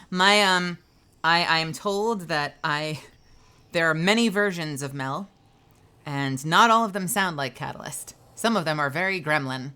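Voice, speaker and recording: A young woman voice actor chatting casually on a live gaming stream, animated and quick to laugh. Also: clear, resonant tone. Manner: animated, laughs often, bursts into loud high outbursts.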